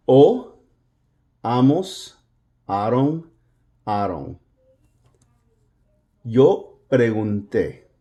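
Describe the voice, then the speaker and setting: A man teaching a Spanish grammar lesson in English, patiently repeating words slowly for practice. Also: medium pitch, dark tone. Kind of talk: classroom-style language lesson.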